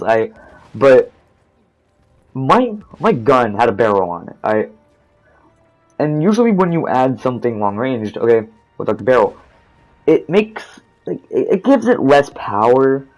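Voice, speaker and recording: A man's voice: medium pitch, lo-fi sound. Rambling, profane teenage boy. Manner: rambling, profane, restarts often. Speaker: gaming storytime narrator. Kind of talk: casual storytime over gameplay.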